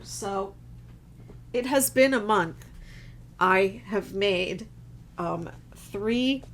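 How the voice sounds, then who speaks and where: A chatty woman talks casually from her home craft room, rambling along with plenty of fillers. Her voice sits fairly low and has a gravelly, fried edge. A faint hiss of noise hangs under the recording. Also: fairly bright tone. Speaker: crochet designer and channel host. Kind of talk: casual live-stream chat.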